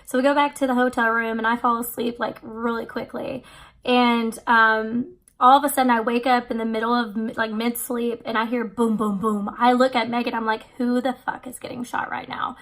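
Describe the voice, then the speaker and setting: A woman's voice: fairly high pitch, flat delivery, moderate pace, a bit bright. A woman in her twenties, a vlogger, casually telling a trip story with many fillers. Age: 20s.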